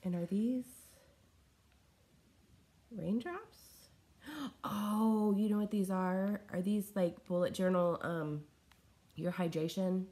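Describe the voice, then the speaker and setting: A woman's voice: medium pitch, takes it slowly, pauses often, mellow. A woman vlogger chatting casually while unboxing fan mail at home, scattered and gushing, unwell and coughing, a little short of breath. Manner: chatty and scattered, gushing over small items. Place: at home in her living room.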